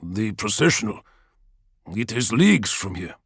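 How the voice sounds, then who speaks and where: A man's voice: on the low side, sing-song, a little slow, breathy edge, no echo, clean studio sound, pitched below the performer's own voice, heavily acted. A man reading an audiobook, voicing a deferential male soldier who stammers respectfully. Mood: nervous. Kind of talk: audiobook character voice.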